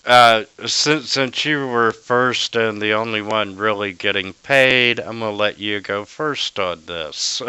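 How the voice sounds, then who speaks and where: A man running a tabletop game who talks very slowly and in a measured way. His voice is bright and very clear, recorded dry and close. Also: fairly low pitch, no room sound. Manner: slow, halting narration of combat rolls. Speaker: game master.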